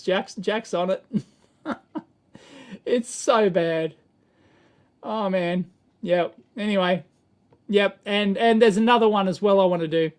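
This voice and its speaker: A man's voice: high voice, a little mellow. A middle-aged Australian man hosting a casual electronics livestream, rambling and exasperated, chuckling as he answers the chat.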